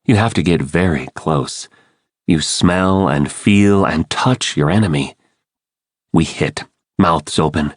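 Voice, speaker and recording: A man's voice: low voice, slow, dry recording, clean studio sound. A man narrating an audiobook in first person, reading with dramatic expression. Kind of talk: scripted narration.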